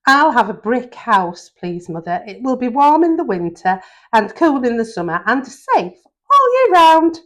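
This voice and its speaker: A polite, clever little piglet, as a woman storyteller voices him, answering sensibly with a lively lilt. Storybook reading. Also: a little high, unhurried, pitched above the performer's own voice. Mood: cheerful. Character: clever, tidy young boy piglet, polite.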